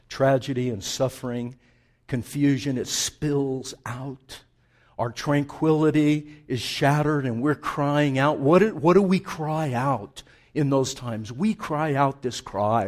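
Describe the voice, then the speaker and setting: A man preaching a sermon, moving between hushed reflection and loud, impassioned delivery, reading scripture aloud dramatically. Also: mid-range voice. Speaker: pastor.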